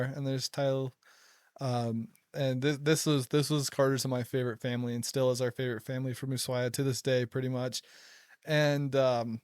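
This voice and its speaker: A man's voice: mid-range voice, clear, resonant tone, no room sound, clean studio sound. A young man hosting a casual chat, telling stories with frequent laughter. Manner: laughs a lot, excitable storytelling. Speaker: podcast host.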